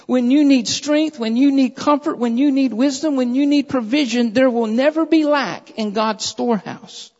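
A man preaching a sermon who reads scripture aloud in a measured way and presses his points with repeated phrases, calling his listeners beloved. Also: extremely high pitch, creaky, a little mellow. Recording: dull lo-fi recording in a reverberant hall.

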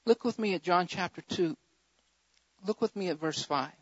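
A pastor preaching a sermon, swinging between loud fervent surges and quieter emphatic stretches, repeating key phrases for emphasis. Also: male voice, sits high, moderate pace, slightly rough, no echo. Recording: dull lo-fi sermon recording.

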